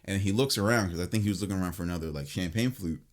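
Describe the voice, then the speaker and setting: A man in his late twenties with a lowish voice tells a story on a podcast. He talks casually and animatedly, swears freely, restarts his sentences and leans on "like" and "I'm like" to act out the moment. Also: very fast. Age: late 20s. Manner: animated and profane, filled with "like" and restarts. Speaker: podcast host.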